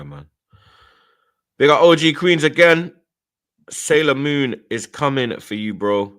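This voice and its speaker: A man hosting a casual football live stream, reading viewer messages aloud and breaking into loud, brash shout-outs. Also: lowish voice.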